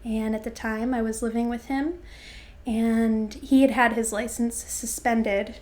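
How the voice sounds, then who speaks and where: Woman, twenties, high-pitched, reflective, halting, personal story interview. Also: steady tone, darkish tone. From Florida, USA. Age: 20s. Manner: reflective, halting, many fillers and restarts.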